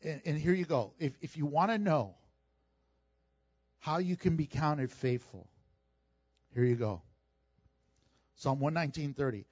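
A male pastor giving a conversational, emphatic sermon with quick asides to the congregation. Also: a little high, a little mellow, no room sound, lo-fi sound.

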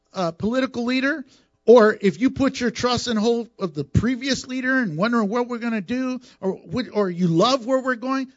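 A man preaching a sermon as a pastor, animated and teasing with the congregation. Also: very high voice, dry recording, muffled recording. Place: church sanctuary.

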